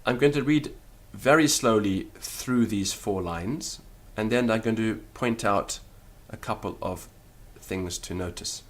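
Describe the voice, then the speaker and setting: A male Latin teacher lecturing at a very unhurried pace. His voice sits low, and he sounds out each syllable with deliberate care. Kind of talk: spoken lecture.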